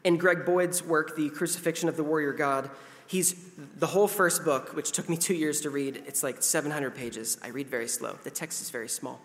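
Speaking at normal speed in a fairly bright voice on the high side, a man in his thirties gives a casual, conversational sermon as a pastor. He's self-deprecating, now and then acts out voices, and the recording has long hall reverb.

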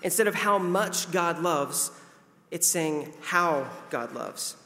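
A man's voice: fairly high pitch, animated, takes it slowly, pushed and bright. A man in his thirties giving a casual, conversational sermon as a pastor, self-deprecating and now and then acting out voices. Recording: long hall reverb.

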